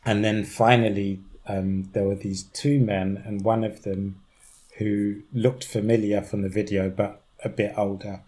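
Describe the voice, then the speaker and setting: A young man with a London accent tells a story on a podcast in a low, mellow voice. He speaks in an animated way, laughing often and slipping into the voices of the people he describes. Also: measured pace. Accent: London English. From East London, England. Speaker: podcast guest. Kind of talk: conversational storytelling.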